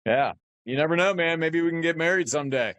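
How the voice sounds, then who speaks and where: A man's voice: a little high, quick pace, fairly bright tone, no echo, lo-fi sound. A man talking as a guest on a podcast in a loose, rambling, easygoing way. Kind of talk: casual interview chat.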